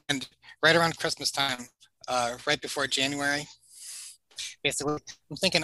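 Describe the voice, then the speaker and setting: A man's voice: on the high side, steady tone, moderate pace, long pauses, pushed and bright, no room sound, poor audio. A man in his forties, a podcast guest telling long stories in a rambling, chatty way, full of fillers and little laughs. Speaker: podcast guest, family video creator. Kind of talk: casual storytelling interview.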